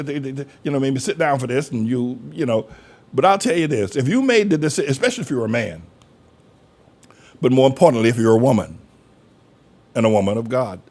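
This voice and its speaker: A man's voice: medium pitch, darkish tone. An older man preaching a folksy sermon as pastor, from North Carolina, acting out quoted voices as he talks.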